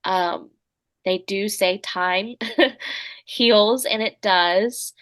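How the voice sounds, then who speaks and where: A woman author, a guest on a podcast, talking in an earnest, thoughtful and soft-spoken way. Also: medium pitch, drawn-out words. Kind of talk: conversational interview.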